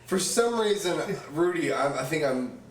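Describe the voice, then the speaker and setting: A man's voice: a little high, expressive, moderate pace. Laid-back young man, distant echoey mic. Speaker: podcast co-host. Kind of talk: casual chat. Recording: echoey room, mic at a distance, faint noise.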